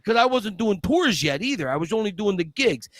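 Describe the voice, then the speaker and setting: Excitable storyteller, dry close sound. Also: male voice, high voice, a little fast, no room sound. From Scranton, Pennsylvania. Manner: excited, restarts often, acts out quotes. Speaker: guest, Rocky impersonator. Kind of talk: casual storytelling.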